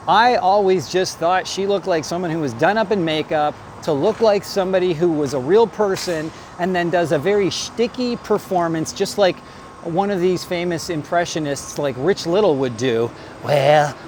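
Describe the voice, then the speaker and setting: A man's voice: sits high, slight background noise. A man giving blunt, rambling opinion commentary in a conversational way. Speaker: vlogger.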